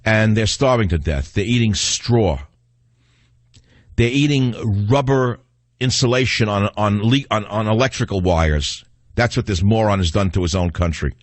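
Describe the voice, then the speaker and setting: A man's voice: fairly low pitch, measured pace, no echo. A man hosting a call-in talk radio show, ranting in a combative, scornful way between calls.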